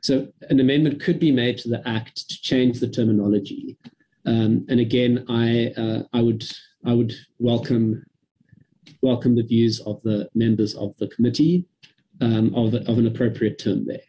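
A man from South Africa giving a measured, careful briefing to a parliamentary committee over a video call. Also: medium pitch, steady tone, mellow, a little hiss or hum, rough recording. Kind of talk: formal briefing.

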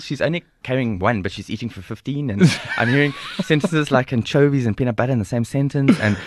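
A South African man in his forties telling a personal story as a podcast guest, animated, acting out dialogue and laughing often. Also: medium pitch, fast, few pauses. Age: 40s. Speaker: guest speaker. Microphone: studio microphone.

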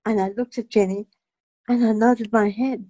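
A woman, an actress telling her story as a guest in dramatic, expressive bursts with stammered restarts. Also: on the high side, moderate pace, dry recording. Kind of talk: animated personal storytelling.

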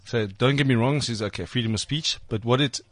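A man's voice: mid-range voice, fairly quick. A South African man, a comedian co-host, teasing and quizzing the others in casual banter.

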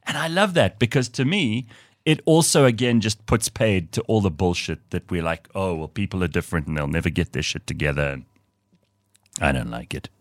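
A man hosting a radio show, telling stories in a chatty, animated way. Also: sits low, brisk, no room sound. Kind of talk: casual radio chat.

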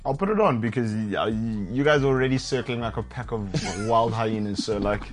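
A man's voice: medium pitch, brisk, soft background music. A man co-hosting a casual sports chat, bantering in a laid-back, slangy way. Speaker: co-host.

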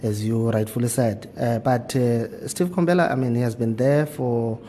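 A man's voice: medium pitch, normal speed, dark tone, slight background noise. A man, a sports journalist giving predictions with hesitations and repeated words. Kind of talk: radio sports analysis.

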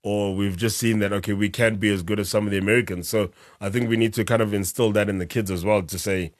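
A man's voice: on the low side, steady tone, fast talker, no room sound. Rambling South African man, dry close sound. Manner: rambling, self-correcting, laughs often. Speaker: podcast co-host. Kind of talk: casual chat.

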